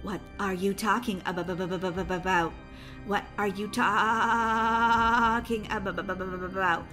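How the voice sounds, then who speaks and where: A woman's voice: mid-range voice, steady tone, measured pace, bright, forceful tone, soft background music, voice pushed down. A woman voicing an evil female android babysitter who stutters and repeats syllables as she glitches. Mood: glitching. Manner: stuttering robotic repetitions.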